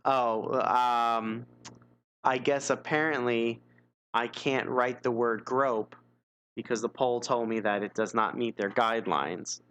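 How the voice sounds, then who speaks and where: Slow, wry man chuckling through a gamebook. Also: mid-range voice, steady tone, fairly bright tone, smooth. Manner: chuckles often, wry and self-mocking. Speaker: streamer reading an interactive gamebook. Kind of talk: casual live-stream chat and reading aloud.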